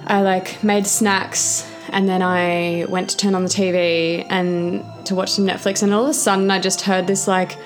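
A woman's voice: medium pitch, flat delivery, moderate pace, hardly any pauses. Young female podcast co-host, rambling storyteller, filler-heavy, light music underneath. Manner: chatty, rambling with many fillers and giggles. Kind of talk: casual chat, storytelling.

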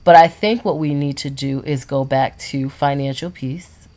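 A woman co-hosting a casual podcast chat, expressive and given to dramatic exclamations. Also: very deep voice, moderate pace. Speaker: podcast co-host.

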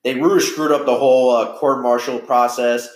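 A man's voice: medium pitch, steady tone, moderate pace, reverberant. A man casually explaining a piece of history in a rambling way, full of fillers and self-corrections. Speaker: history talker.

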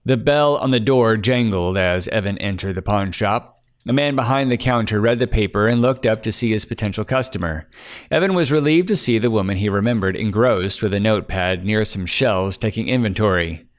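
A man giving a steady scripted narration of a detective story. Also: lowish voice, brisk.

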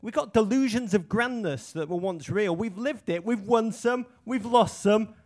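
A man's voice: high-pitched, normal speed, no room sound. A British man co-hosting a comic podcast, talking in grandiose, theatrical phrases. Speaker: podcast co-host.

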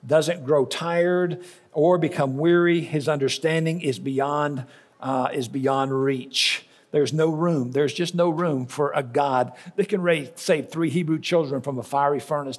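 A man's voice: a little high, darkish tone. A middle-aged male pastor giving a folksy sermon, telling stories and repeating lines for emphasis. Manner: folksy storytelling preacher with repetitions for emphasis.

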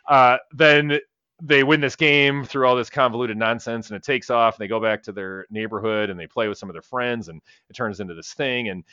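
A man with a bright, forward voice tells a movie plot in loose, swearing, run-on sentences, chuckling now and then. The sound is dry and a little dull, like a home podcast mic. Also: mid-range voice, no echo. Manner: rambling, profane, laughs while retelling scenes. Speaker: podcast co-host. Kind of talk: casual movie-review chat.

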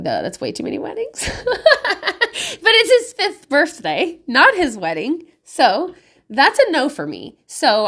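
A woman's voice: mid-range voice, a bit bright. A woman in her thirties chatting casually about parenting, swearing freely, often laughing and saying "like". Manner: chatty, profane, laughing, lots of likes. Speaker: parent podcaster. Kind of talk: casual monologue.

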